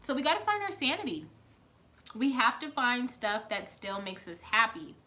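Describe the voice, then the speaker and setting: A woman with a bright, lively voice pitched a little high, chatting loosely to her live stream viewers from home. She, calls viewers by name and laughs easily. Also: moderate pace. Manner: chatty, laughs often, talks to chat by name. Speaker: live stream host reading viewer comments. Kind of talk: casual live stream chat.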